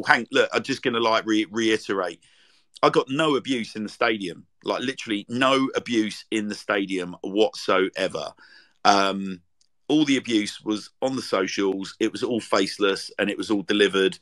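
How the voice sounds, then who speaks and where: A man's voice: medium pitch, normal speed, bright, forceful tone, low-quality recording. A man hosting a football fan podcast, chatting casually and reading listener tweets aloud in a rambling way, with many ums and restarts. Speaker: podcast host.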